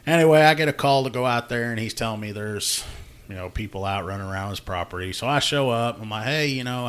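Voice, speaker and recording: A man's voice: on the low side, a bit bright. A man, hosting a casual podcast chat and telling a work story with plenty of laughter and acted-out dialogue. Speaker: podcast host, law enforcement officer.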